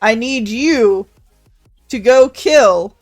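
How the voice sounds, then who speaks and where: A woman's voice: on the high side, extremely slow, a little mellow, no room sound, soft background music. A woman voicing a boastful, meat-loving male dragon who is mayor of a town, rambling and crude in an improvised tabletop role-play. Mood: cocky.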